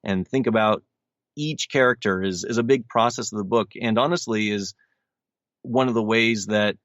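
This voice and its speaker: A man in his thirties with a lowish voice talks earnestly about his work, circling back and restarting his sentences. The sound is dry and a little dull, like a lo-fi recording. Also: moderate pace, a bit bright, no room sound. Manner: earnest, rambling with frequent restarts. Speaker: audiobook narrator guest. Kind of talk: casual interview chat.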